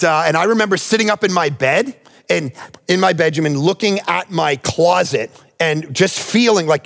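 A male pastor with a notably high voice and a gravelly, frayed edge to it. He preaches in a conversational way, weaving personal stories into his sermon and pressing his point with direct appeals to the congregation. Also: fairly bright tone. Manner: conversational, emphatic, often addresses listeners directly.

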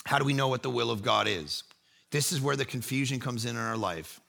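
A man preaching a sermon, telling a story that he acts out with energy and sometimes shouts. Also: mid-range voice, brisk, vocal fry. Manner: lively storyteller who acts out scenes, rising to shouts. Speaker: pastor.

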